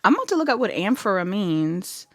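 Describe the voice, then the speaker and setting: A woman's voice: medium pitch, very animated, a little fast, fairly bright tone, dry recording. Chatty woman giving a dry, close tarot reading. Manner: chatty, laughs easily, thinks aloud. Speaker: tarot reader. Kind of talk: casual pick-a-card tarot reading.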